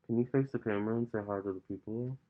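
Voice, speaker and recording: A man's voice: lowish voice, racing, narrow, tinny audio. A man who reads tarot, talking casually at home with loose fillers, recorded on a laptop or camera mic. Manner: relaxed, loose, full of "like" and "you know". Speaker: tarot reader and vlogger. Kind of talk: casual vlog talk. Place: his home, with a cat nearby.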